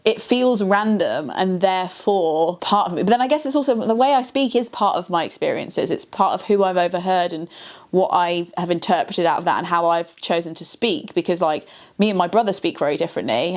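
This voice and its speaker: A woman talks to camera in a reflective vlog, her voice sitting on the lower side. She thinks aloud, musing, circling back and restarting her sentences as ideas form. The delivery is conversational and unscripted. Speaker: video creator.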